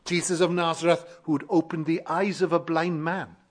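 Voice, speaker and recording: A man preaching a sermon, emphatic and fervent, building repeated phrases in a measured cadence. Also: a little high, flat delivery. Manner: fervent, emphatic, swells louder on key phrases.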